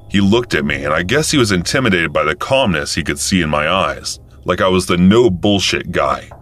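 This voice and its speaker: Male narrator, very deep, lively intonation, calm first-person telling, faint music underneath. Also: a little fast, few pauses. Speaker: story narrator.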